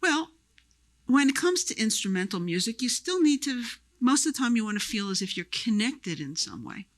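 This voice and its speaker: A woman music scholar giving a live lecture, telling stories in a lively way and breaking into short chants as examples. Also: on the high side, moderate pace, dry recording. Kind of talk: live lecture with sung demonstrations. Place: lecture hall before a live audience.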